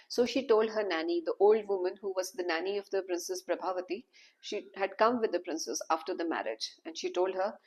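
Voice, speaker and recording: A woman storyteller, narrating a folk tale in a lively, conversational way. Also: medium pitch, brisk, breathy edge, low-quality recording. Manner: animated, conversational asides.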